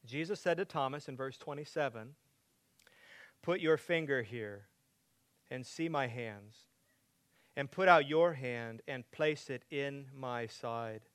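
Preacher guy, slow and deliberate, smooth clear voice, bit higher pitched, dry close sound. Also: dry recording. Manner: builds from quiet teaching to loud emphatic preaching; asks the congregation direct questions. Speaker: pastor. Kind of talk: sermon.

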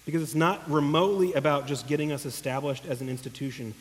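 A fast-talking pastor with a fairly high voice and fairly even intonation preaches an earnest, emotional sermon straight to his congregation in a church hall. The recording carries the long echo of a large hall.

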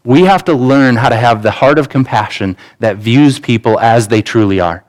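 A man in his thirties preaches to his congregation with an easy, conversational delivery. His voice sits at an ordinary middle pitch. He slips in personal stories and acts out the dialogue inside them. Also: moderate pace, poor audio. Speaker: pastor. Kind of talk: sermon. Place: church sanctuary.

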